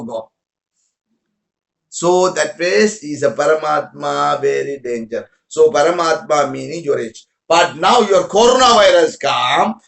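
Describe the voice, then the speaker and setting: His voice is high and fairly bright as this spiritual teacher addresses followers casually in broken English. He keeps repeating words and questioning his listeners, and the recording echoes noticeably.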